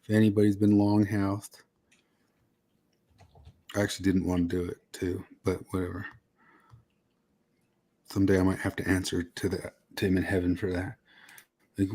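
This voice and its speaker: A man's voice: sits low, level tone, normal speed, pauses often, a little mellow. A man hosting a casual podcast chat, talking in a loose, rambling, joking way. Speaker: podcast host.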